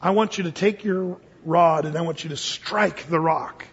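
A calm divine voice gives quiet orders in a lowered, steady tone, as a preacher puts it on. The sound is husky and carries a long reverb from a large hall, on a dull recording. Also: male voice, moderate pace. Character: calm commanding divine male voice.

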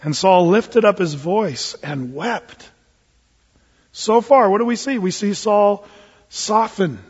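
A male pastor telling a Bible story in a lively sermon, acting out the voices of its figures. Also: high voice, takes it slowly, husky. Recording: dull lo-fi recording in a reverberant hall.

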